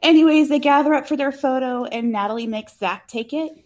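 Chatty sarcastic woman, slightly high voice. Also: fairly quick, darkish tone. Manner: chatty, filler-heavy, sarcastic, swears. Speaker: podcast co-host. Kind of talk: casual movie recap chat.

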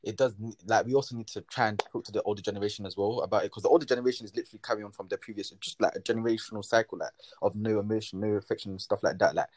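A young man, talking in a quick, casual way full of "like" as a guest in a panel discussion. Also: on the low side, steady tone, darkish tone. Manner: fast, filler-heavy talk with many "like"s.

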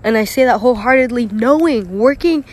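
A woman's voice: on the high side, fairly quick. Emotional young woman venting, sighing. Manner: rambling, lots of "like", swearing, sighs and nervous laughs. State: emotional, close to tears. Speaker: vlogger. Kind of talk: emotional personal monologue.

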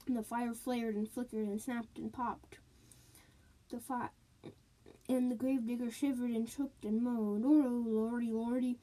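Storyteller woman, slow, spooky tales, repeats lines in a sing-song way, soft mellow voice. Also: a little high, level tone, poor audio. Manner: sound words and sing-song repetition.

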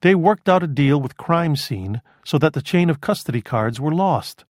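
A man voicing a dry, cerebral middle-aged male criminologist who explains things in a measured way in an audiobook. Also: fairly high pitch, lively intonation, no echo, voice pushed up, lightly acted. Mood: explaining. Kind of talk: audiobook character voice.

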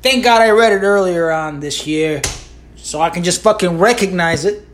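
A woman's voice: fairly low pitch, moderate pace, a little hiss or hum. A woman hosting a solo podcast, ranting with heavy swearing, sarcasm and constant rhetorical asides. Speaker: podcast host.

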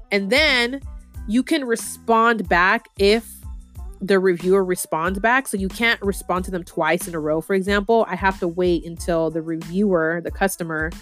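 Woman podcast host, laid-back slangy advice delivery, medium pitch, acts out customer quotes. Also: fairly bright tone. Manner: slangy and chatty, with many fillers like "like" and "you know"; acts out example quotes in the voices of customers and owners. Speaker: podcast host and marketing advisor. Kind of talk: casual advice talk.

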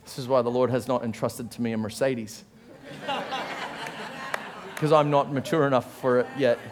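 With a faint crowd in the background, a pastor with an Australian accent preaches in a mid-range voice at normal speed. His sermon features comic family anecdotes, animated delivery with quotes acted out in a raised voice, and self-deprecating jokes he laughs through.

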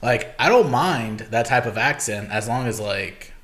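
A man's voice: medium pitch, lively intonation, measured pace, fairly bright tone. A young man co-hosting a podcast, talking casually and swearing freely. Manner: laid-back, swears freely. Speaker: podcast co-host. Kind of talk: casual chat.

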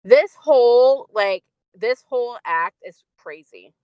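A woman's voice: fairly high pitch, animated, slow, smooth, no room sound, muffled recording. Woman podcast co-host, chatty film recap, dry close mic. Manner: chatty, many fillers and laughs. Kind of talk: casual chat about a film.

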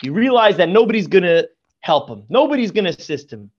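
A man's voice: high voice, very animated, a little fast, breathy edge, highs cut off. A man, a rabbi guest on a podcast, teaching Torah through storytelling and effusive in his praise. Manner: effusive, repeats praise often.

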